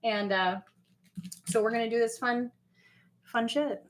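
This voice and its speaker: A woman's voice: fairly high pitch, flat delivery, moderate pace. A woman chatting casually on a livestream, rambling and swearing as she talks straight to her viewers. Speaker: livestream host.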